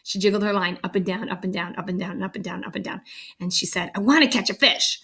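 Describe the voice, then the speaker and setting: A woman's voice: lowish voice, flat delivery, fast talker, vocal fry, slightly rough. A woman reading a picture book aloud, breaking off for chatty, amused asides. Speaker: storybook reader. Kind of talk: read-aloud storytelling with asides.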